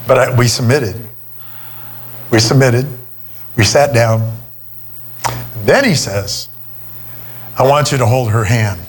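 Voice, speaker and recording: A man's voice: mid-range voice, slow, long pauses. A middle-aged man preaching a sermon, telling a personal story in a conversational way. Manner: storytelling, conversational, many restarts. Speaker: pastor.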